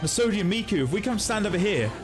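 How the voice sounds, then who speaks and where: A high-voiced male streamer with a bouncy, animated delivery who chats casually with his viewers while he plays. He gets excitable and breaks into laughter often, and faint music plays underneath. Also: fast. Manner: excitable, chatty, laughs often, talks to chat. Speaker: game streamer. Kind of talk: casual live-stream commentary.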